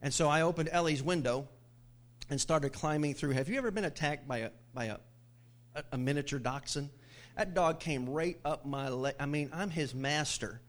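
A middle-aged male pastor delivers a sermon, spinning stories with humor and quick asides. His voice sits a little higher than most men's. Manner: animated storytelling with jokes and laughs. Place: church.

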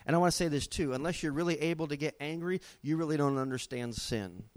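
A middle-aged man preaching a sermon, telling stories with dramatic swings in pitch and loudness. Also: quick pace. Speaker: pastor.

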